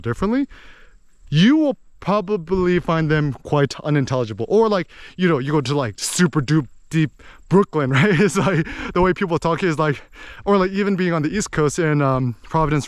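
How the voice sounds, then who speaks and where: A man's voice: fairly high pitch, smooth, no echo. A man chatting casually and rambling, with many "like"s and "you know"s. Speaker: speaker musing on language and poetry. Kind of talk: casual chat.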